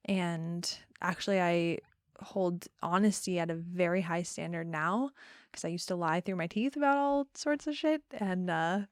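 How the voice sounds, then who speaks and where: A young woman in her twenties telling a personal story in a casual interview, soft-spoken with many pauses and ums. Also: lowish voice, dry recording, clean studio sound. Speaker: podcast guest.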